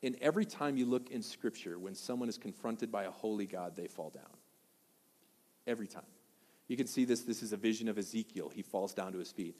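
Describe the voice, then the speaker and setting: A pastor from Wisconsin giving a sermon, an animated storyteller who keeps asking the crowd questions. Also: male voice, on the low side, brisk, big-room sound.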